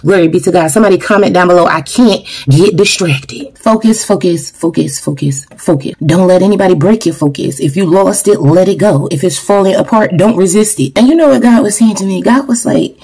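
A woman's voice: medium pitch, fast talker, few pauses, mellow, breathy edge. A young adult woman preaching a fervent online sermon, repeating "glory be to God" and reading scripture. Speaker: online minister. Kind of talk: preaching to camera.

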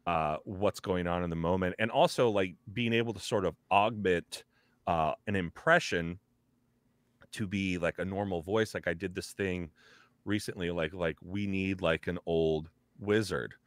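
Deep-voiced man rambling in an interview. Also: moderate pace, no room sound. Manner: rambling, with many fillers, and slips in and out of character voices. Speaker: voice actor guest. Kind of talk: casual podcast interview.

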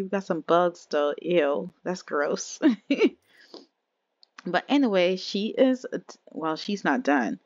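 A woman narrates her life-simulation gameplay in a chatty, easygoing manner, often calling out to her viewers. Her voice sits slightly low. The sound is a little dull and very dry, close to a home desk mic. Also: big pitch swings, takes it slowly, long pauses, no room sound. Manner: chatty, addresses viewers as y'all. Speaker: game streamer. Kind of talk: casual let's-play commentary.

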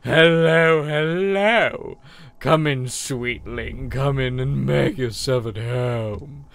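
A man voicing an old female bug charm seller, reading her lines in a slow, drawn-out, syrupy and welcoming way. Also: mid-range voice, vocal fry, slight background noise. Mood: syrupy welcome. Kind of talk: reading game dialogue in a voice.

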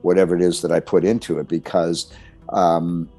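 Very deep-voiced older man, reflective. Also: little pitch movement, normal speed, dark tone, faint music behind. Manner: reflective and chuckling, trails off and restarts. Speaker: guest voice actor. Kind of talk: casual interview chat.

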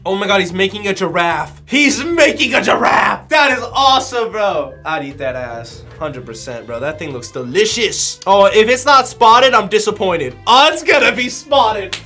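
Lively, excitable man reacting to clips. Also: high-pitched. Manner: excitable, slangy, laughs and shouts often. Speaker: reaction video host. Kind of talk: casual reaction commentary. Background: faint music from clips.

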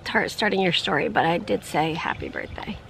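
A woman's voice: on the low side, animated, brisk, vocal fry, a bit bright, slight background noise. Chatty woman vlogging outdoors. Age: 30s. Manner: chatty, playful, sings in a teasing lilt. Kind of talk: casual chat.

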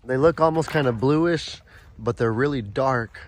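A man filming a casual farm vlog outdoors on his phone, chatting in a rambling way and softly coaxing his animals. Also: mid-range voice, unhurried. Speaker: farm vlogger. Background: light wind outdoors.

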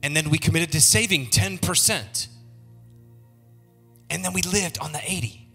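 A middle-aged man preaches as pastor, guiding his congregation through call-and-response and moving between low murmurs and soaring shouts. He speaks at a moderate pace with a slightly rough voice, over soft background music.

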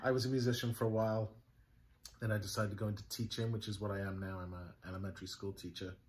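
A man's voice: on the low side, level tone, fast, darkish tone. A man with a Welsh accent who teaches elementary school, chatting casually and joking at his own expense. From Wales. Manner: joking, self-deprecating. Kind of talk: casual chat.

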